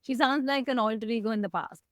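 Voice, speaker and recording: A woman speaking in a candid, heartfelt way about her own past, reflective and emotional, her voice close to tears at times. She sits a little high for a woman. The sound is dry and close, with no room around it. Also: quick pace, no room sound. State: tearing up. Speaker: guest. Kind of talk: candid personal conversation.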